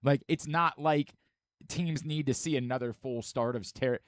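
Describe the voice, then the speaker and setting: A hoarse man hosting a sports radio show, chatting casually and joking at his own expense. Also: mid-range voice, moderate pace, no echo, clean studio sound. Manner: self-mocking, repetitive joking. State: hoarse from singing at a concert.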